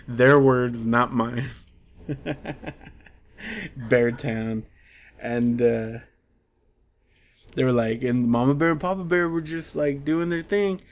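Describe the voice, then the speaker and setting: A man's voice: mid-range voice, very slow, pauses often, lo-fi sound. A man reviewing a comic book in casual chat, rambling through the plot with fillers and chuckles.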